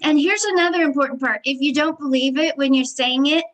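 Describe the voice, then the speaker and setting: A woman's voice: high-pitched, fairly quick, fairly bright tone, poor audio. A woman who works as a healer, explaining an affirmation practice in an interview in an earnest, instructive way. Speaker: healer and hypnotist vendor.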